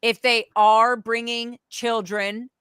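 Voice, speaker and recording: A woman guest with a fairly high, smooth voice speaks slowly while telling candid stories in conversation. She is animated, swears freely, and acts out other people's voices. The studio-quality recording has no room sound.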